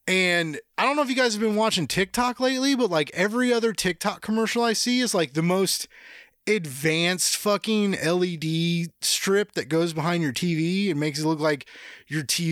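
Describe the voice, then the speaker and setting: A man's voice: on the high side, a bit bright, dry recording, studio quality. A young man hosting his own podcast, telling rambling, profane, jokey stories in casual chat. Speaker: podcast host.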